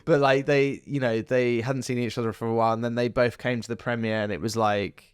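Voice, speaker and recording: A man's voice: medium pitch, level tone, fairly quick, clean tone, no echo, clean studio sound. A man, an actor chatting as a podcast guest, telling rambling stories. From southern England. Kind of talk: casual interview chat.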